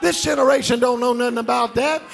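A man preaching a sermon as pastor, building to loud shouted call-and-response. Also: extremely high pitch, steady tone, fast, gravelly, some chatter behind.

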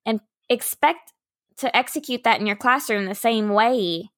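Bright-voiced Southern woman podcaster. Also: fairly high pitch, a little slow, no echo, studio quality. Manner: frank, opinionated. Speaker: podcast co-host, kindergarten teacher. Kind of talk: casual podcast chat.

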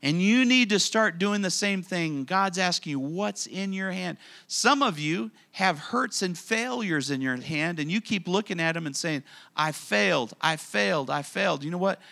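Gravelly, bright-voiced preaching man. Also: high voice, normal speed, hardly any pauses. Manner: animated preaching, acts out voices of people in stories. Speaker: pastor. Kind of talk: sermon. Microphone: handheld or stand mic.

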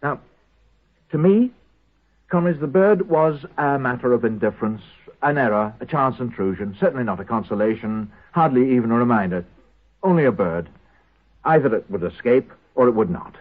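An actor playing a haunted prisoner who makes a halting, intense confession to his comrades in a 1970s radio drama. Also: medium pitch, animated, natural voice. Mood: grim. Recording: tinny lo-fi old radio broadcast.

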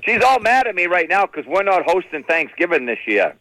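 Male New stand-up comic, slightly high voice, exasperated storyteller. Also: very animated, a little fast, bright, forceful tone, poor audio. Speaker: comedian. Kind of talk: stand-up comedy.

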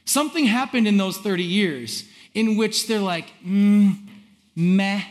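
A man preaching a sermon as pastor, conversational and animated, reading scripture aloud and acting out how the crowd reacted. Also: high voice, normal speed.

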